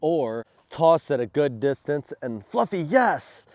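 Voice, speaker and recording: A man who is sick and under the weather, explaining dog training in a casual vlog and snapping out loud commands to his dog. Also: fairly high pitch, a little slow, no room sound. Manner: loud sharp commands between relaxed explanations. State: sick, congested. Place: outdoors in a backyard.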